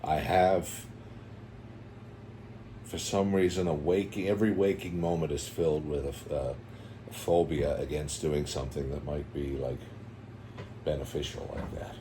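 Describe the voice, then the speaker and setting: A man hosting a casual chat, playful and quick to slip into put-on voices and quotes. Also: a bass voice, fairly even intonation, dark tone, slight background noise. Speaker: podcast host.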